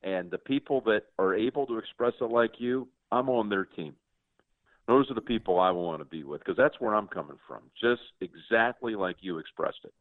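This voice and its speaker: A man in his sixties hosts a relaxed interview in a very low voice, gushing and often repeating words as he stumbles ahead. The sound is tinny and narrow, like a phone line, and completely dry with no room around it. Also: normal speed, no echo. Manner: effusive, stammers and repeats words. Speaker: host. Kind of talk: conversational interview.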